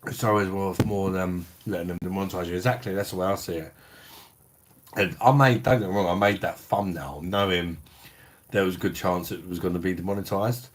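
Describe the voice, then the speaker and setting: A middle-aged British man with a deep voice hosts a casual beer review livestream from home, talking bluntly with plenty of swearing and slang while answering viewer comments as they arrive. His tone is steady and brisk, with a little hiss or hum.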